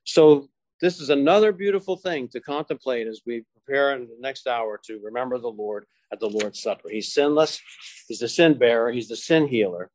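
A man preaching a sermon to his congregation, slowing down and stressing key phrases as he quotes scripture. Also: medium pitch, darkish tone, no echo.

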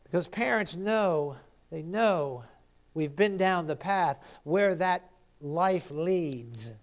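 Man, preacher, high-pitched, impassioned sermon delivery, loud then hushed. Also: takes it slowly. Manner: impassioned preaching, rising to cries then dropping to hushed appeals. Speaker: pastor.

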